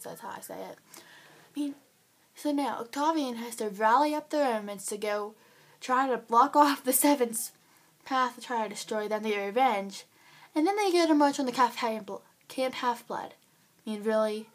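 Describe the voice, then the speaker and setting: A teenage girl giving a casual book review, gushing and excitable, with lots of fillers. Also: a little high, normal speed.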